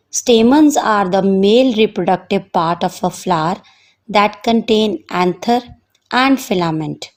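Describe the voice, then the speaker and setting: Slow, measured Indian woman teacher. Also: medium pitch, darkish tone. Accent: Indian English. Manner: slow, dictating, addresses students repeatedly. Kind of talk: recorded online science lesson.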